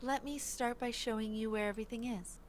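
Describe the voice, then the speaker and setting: A woman voicing a polite, gentle male bird who owns a café, speaking in a courteous, formal way in a game voiceover. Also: fairly high pitch, fairly even intonation, brisk, faint music behind, lightly acted.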